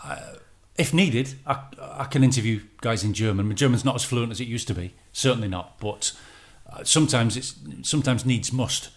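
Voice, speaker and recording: A man guesting on a podcast, a radio football commentator answering questions in relaxed casual chat. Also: medium pitch, moderate pace, few pauses.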